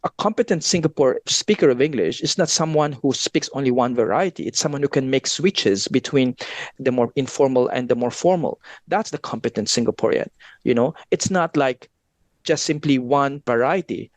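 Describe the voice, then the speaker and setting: A man's voice: medium pitch, normal speed, no room sound. Dry, discursive male guest researcher. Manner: discursive, with frequent "you know" asides. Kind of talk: casual conversational interview.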